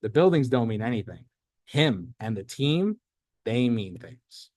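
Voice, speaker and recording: Male workshop host, mid-pitched, dry sound, animated storyteller. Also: unhurried, dry recording. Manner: energetic storyteller, acts out quotes. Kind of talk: business workshop talk. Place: event space.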